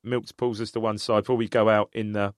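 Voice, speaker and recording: A man's voice: fairly low pitch, flat delivery, a little fast, no echo, clean studio sound. Rambling English man telling a story. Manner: rambling storyteller, laughs often. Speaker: podcast co-host. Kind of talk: casual football chat.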